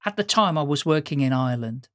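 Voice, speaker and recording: A middle-aged Dutch woman, a native Dutch speaker, hosts a podcast interview in a casual, conversational style. Her voice is deep, expressive and fast, recorded with clean studio sound and no room sound. She tells stories chattily, laughs often and restarts her sentences.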